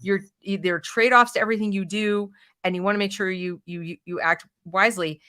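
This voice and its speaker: Female host, bright forceful voice, emphatic and animated in conversation. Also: mid-range voice, brisk, smooth. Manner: emphatic, animated, mocks opponents in a put-on voice. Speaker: podcast host. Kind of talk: conversational interview.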